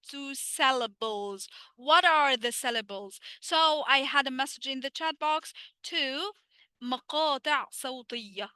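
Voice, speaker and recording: A native Arabic speaker with an Egyptian accent teaches a live English lesson online, posing questions and answering them herself. Her English comes out slowly, while her Arabic asides are quick. Her voice is high, pushed and bright, with no room sound.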